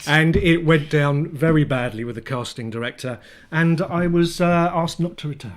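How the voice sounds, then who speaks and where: A man's voice: a little high, moderate pace. A man, co-hosting a comic live chat show and telling self-deprecating stories. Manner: anecdotal, self-deprecating storytelling. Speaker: co-host.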